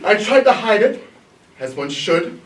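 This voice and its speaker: A man's voice: high-pitched, sing-song, measured pace, a little hiss or hum. A young man from Missouri in the US tells a comedic story onstage in a small theater, laughing at his own story. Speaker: improv performer telling a story. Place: small black box theater. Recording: echoey theater, from far off.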